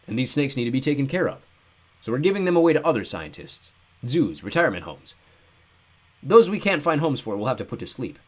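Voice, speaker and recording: A man voicing a loud, brash, chubby man who talks bluntly and dismissively. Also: mid-range voice, big pitch swings, a little fast, slightly rough, voice pushed up. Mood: booming brash. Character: booming brash chubby man, careless and smug.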